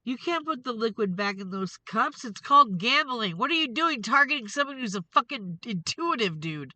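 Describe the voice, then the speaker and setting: Bright-voiced woman ranting over tarot cards. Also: on the high side, big pitch swings, normal speed, hardly any pauses, dry recording, poor audio. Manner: angry, profane, confrontational ranting. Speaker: tarot reader and show host. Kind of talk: tarot reading vlog rant.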